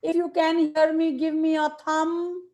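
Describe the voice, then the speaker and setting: Slow, gravelly Nepali woman teaching children. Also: very high-pitched, flat delivery, a little mellow. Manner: slow, repetitive dictation to students. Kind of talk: online class for young children.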